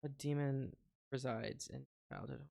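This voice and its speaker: A man's voice: mid-range voice, fairly even intonation, a little slow, gravelly, warm tone. A young man co-hosting a casual podcast, sarcastic and swearing often. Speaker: podcast co-host. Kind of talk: casual chat.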